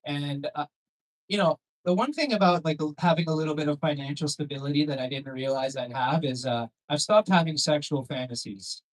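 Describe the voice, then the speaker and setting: A man's voice: on the high side, fairly quick, poor audio. A young man doing a crude, rambling stand-up set with crowd work on a comedy club stage, on a handheld mic.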